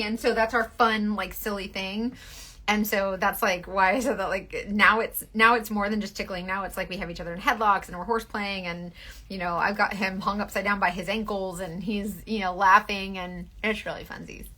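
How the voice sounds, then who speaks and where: Bright rambling woman, twang. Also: medium pitch, moderate pace. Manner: rambling, filler-heavy, restarts often. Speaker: beauty livestream host. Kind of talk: casual makeup chat.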